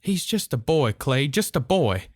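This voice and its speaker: A man voicing a frightened young woman with a Southern accent, pleading in high, breathless tones. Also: big pitch swings, a little slow, dry recording, clean studio sound. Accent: American Southern.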